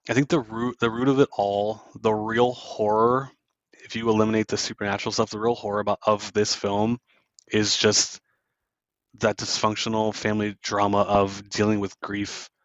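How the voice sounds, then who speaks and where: A man's voice: fairly low pitch, little pitch movement, normal speed, fairly bright tone, no echo, muffled recording. A man hosting a casual podcast, retelling movie scenes and briefly acting out the characters' lines. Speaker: podcast host. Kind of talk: casual movie recap chat.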